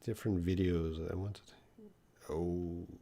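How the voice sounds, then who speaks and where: A man's voice: low voice, fairly even intonation, takes it slowly, warm tone. A man teaching English on a live stream, reading viewers' questions aloud and answering them plainly, thinking aloud with fillers and hedges.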